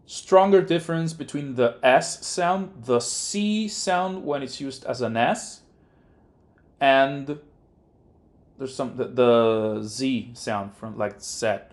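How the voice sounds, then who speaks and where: A man's voice: mid-range voice, takes it slowly. A man, a native Spanish speaker with a Rioplatense accent, casually chatting and thinking aloud as he streams his game development work. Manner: rambling, thinking aloud with many fillers. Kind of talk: casual live-stream chat while working.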